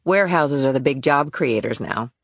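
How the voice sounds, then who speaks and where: A sensible woman agent, as a man voices her in a whispered role-play, pitched well up and a little distant. She speaks in a plain, knowing, matter-of-fact way. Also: expressive, a little fast, dry recording, clean studio sound. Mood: steady.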